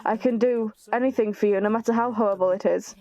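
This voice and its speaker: A woman's voice: on the high side, fairly even intonation, fast talker, warm tone, highs cut off, close to an everyday voice. A woman reading game dialogue aloud for a manipulative, soothing cult leader. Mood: coaxing.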